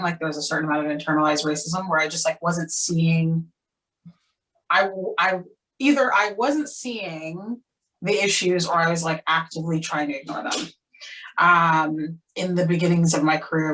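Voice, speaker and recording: A young woman theater actor, candid and animated, talking on a panel with frequent "like" fillers. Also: deep voice. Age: young adult. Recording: voice distant from the mic.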